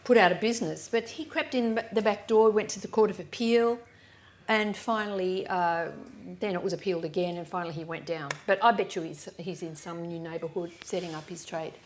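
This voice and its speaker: An author on a live panel, this woman tells brisk, lively anecdotes onstage, performing the voices of the people involved and restarting often. Her voice is on the low side, with slight background noise.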